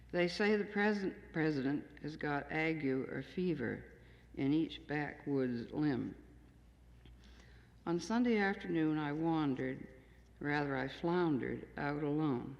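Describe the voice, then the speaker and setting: Gravelly older woman reading poems in a hall. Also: low-pitched, a little mellow. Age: 60s. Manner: plain, understated, measured reading. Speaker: poet reading her own work. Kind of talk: poetry reading to an audience. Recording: dull 1970s tape in an echoey hall.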